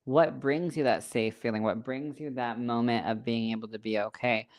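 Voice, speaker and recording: Deep-voiced lady cohost, frank reassuring advice, bit sassy, casual chat. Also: steady tone, moderate pace, darkish tone. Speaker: podcast co-host.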